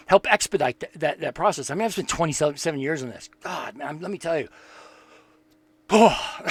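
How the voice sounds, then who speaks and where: A man's voice: high-pitched, no room sound. Rambling, earnest man with a raised voice. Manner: rambling, repeats words, thinks aloud; earnest and reflective. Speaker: spiritual teacher. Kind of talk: casual spiritual talk.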